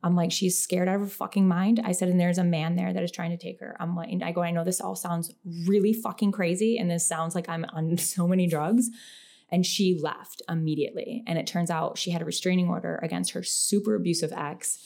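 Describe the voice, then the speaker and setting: A young woman from Western New York telling stories in casual, profane podcast chat, acting out quotes with lively energy. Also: lowish voice, gravelly. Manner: animated, profane, quick storytelling with acted quotes. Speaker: podcast guest.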